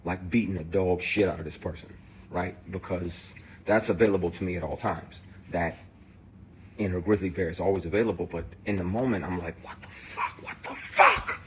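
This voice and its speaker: Low-voiced man, emphatic and profane, direct-to-camera rant, faint background hiss. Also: steady tone, a little fast. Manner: emphatic, profane, heated storytelling. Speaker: actor.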